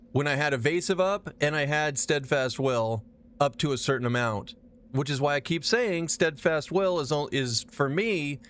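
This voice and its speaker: A man streaming a game live, chatting casually with his chat, rambling and swearing as he plays. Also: fairly high pitch. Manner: profane, animated, rambling.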